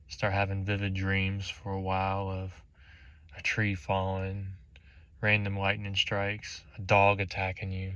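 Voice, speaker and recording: A man with a low voice tells a motivational story aimed straight at the listener. He acts out each scene with animation. The sound is close and dry. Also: monotone, a little slow, fairly bright tone, no room sound. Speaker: motivational speaker. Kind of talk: motivational storytelling in second person.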